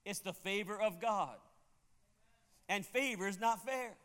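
A man preaching a sermon as pastor, speaking emphatically and rising to loud exclamations. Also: high voice, measured pace. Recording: long hall reverb.

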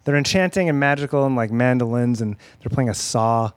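A man's voice: medium pitch, a little fast, smooth, no room sound. A man, the creative director of a comedy club, talking up a show in an upbeat, enthusiastic way. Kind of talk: casual podcast chat.

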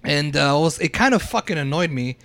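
A man's voice: a little high, expressive, brisk, a crowd in the background. A young man telling a story to friends in casual chat, rambling and profane, with lots of "like".

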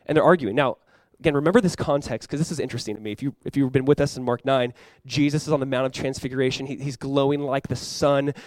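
A young adult man preaching a sermon as pastor, animated and acting out playful voices for the disciples. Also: medium pitch, fast talker, hardly any pauses, no room sound.

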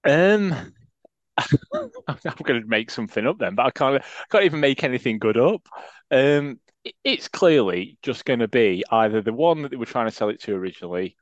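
A man co-hosting a podcast in casual chat, quick-witted and self-mocking, laughing often. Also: mid-range voice, very animated, no room sound, highs cut off. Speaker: podcast co-host.

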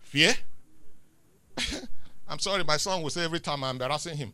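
A middle-aged Nigerian man preaching a sermon, swinging between loud declarations and quiet asides. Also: on the high side, moderate pace.

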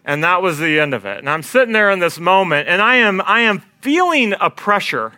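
A young man tells a comic story in a high, bright voice, animated and self-deprecating, often laughing mid-sentence. The sound is dry and close, with no room echo. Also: brisk, clean tone.

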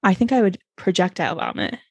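A woman's voice: medium pitch, quick pace, a little mellow, breathy edge, no echo. A young woman co-hosting a casual chat podcast, gushing and chatty and swearing freely. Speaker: podcast co-host.

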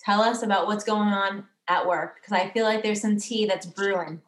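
A woman's voice: mid-range voice, steady tone, moderate pace. A woman co-hosting a podcast, prompting her friend with playful teasing. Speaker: podcast co-host. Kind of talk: casual chat.

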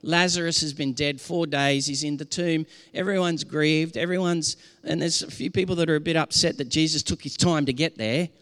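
A man's voice: on the high side, moderate pace, hardly any pauses, a bit bright, big-room sound. A man preaching a sermon as pastor, earnest and impassioned, often restarting his sentences.

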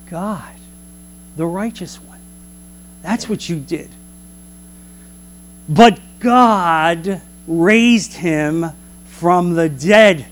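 A man teaching a Bible class in an animated preaching manner, full of rhetorical questions. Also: a little high, very slow, long pauses.

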